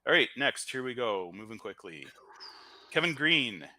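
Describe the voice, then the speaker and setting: A man's voice: mid-range voice, sing-song, normal speed, bright, forceful tone, no room sound. A man with a Canadian accent hosting a live-streamed lottery draw, chatty and joking as he talks. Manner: chatty and joking, thinks aloud with fillers. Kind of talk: upbeat live-stream commentary. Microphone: audio-only stream mic.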